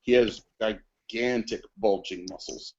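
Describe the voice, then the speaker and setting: A man's voice: fairly low pitch, fairly even intonation, darkish tone, muffled recording. A man playing a tabletop role-playing game, describing his character's actions in a matter-of-fact way. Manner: slow and matter-of-fact, with fillers. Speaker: player.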